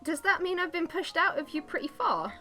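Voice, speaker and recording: A woman's voice: very high voice, very animated, fairly quick, bright, forceful tone, soft background music, voice pushed up, exaggerated voice. A woman voicing a small, fussy male spirit who asks flustered questions in a game dub.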